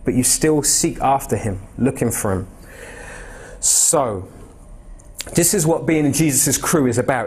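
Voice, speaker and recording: A man's voice: medium pitch, darkish tone. A young man preaching an expository sermon in a church, talking to the congregation in a conversational, direct way and putting questions to them. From England. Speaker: pastor.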